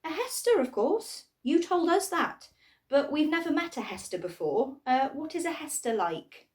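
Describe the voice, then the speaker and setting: A woman's voice: sing-song, moderate pace, a little mellow. Hester, a woman voicing a timid little creature. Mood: earnest. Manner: hesitant, timid, high. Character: small shy round bluish-grey creature, unsure of herself.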